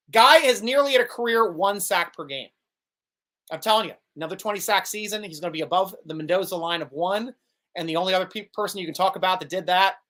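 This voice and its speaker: Man hosting a sports vidcast, excitable, laughs a lot, lively up-and-down delivery. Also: high voice. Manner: excitable, laughs often, animated. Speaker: host. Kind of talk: live sports vidcast, reading viewer comments.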